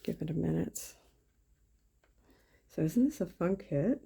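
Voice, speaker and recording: A woman's voice: fairly low pitch, expressive, unhurried, gravelly, dark tone, husky. A woman chatting casually as she crafts on camera, thinking aloud with lots of fillers. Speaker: craft YouTuber. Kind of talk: casual craft-along chat.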